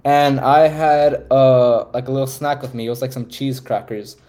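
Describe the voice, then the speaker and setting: A man's voice: mid-range voice, fairly even intonation, normal speed, mellow. A young man hosting a podcast, telling a story in casual chat and laughing his way through it. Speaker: podcast host. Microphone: voice call microphone.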